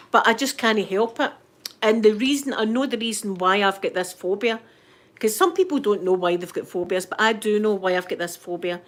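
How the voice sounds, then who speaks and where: A woman's voice: mid-range voice, fairly quick, slight background noise. A middle-aged Scottish woman hosting a live stream, chatting casually and greeting viewers by name. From Scotland. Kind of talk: casual chat.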